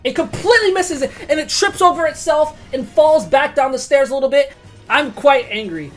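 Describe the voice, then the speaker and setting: An excitable woman game master narrating dice rolls and combat. Her voice is high and animated, jumping between muttered asides and sudden loud outbursts, with frequent swearing. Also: soft background music. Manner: excitable, swearing, quick swings of loudness.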